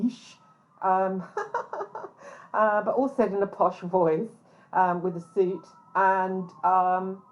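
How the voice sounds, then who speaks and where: A woman with a somewhat low voice tells her account in a blunt, indignant way, swearing freely. She fills her pauses with ums. The audio is dull and lo-fi. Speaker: private investigator. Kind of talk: candid spoken account.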